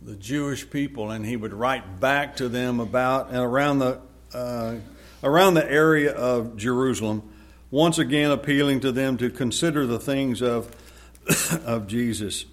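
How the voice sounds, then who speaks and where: A man's voice: mid-range voice, unhurried. A man preaching a sermon, reading scripture aloud with rising force and then explaining it conversationally.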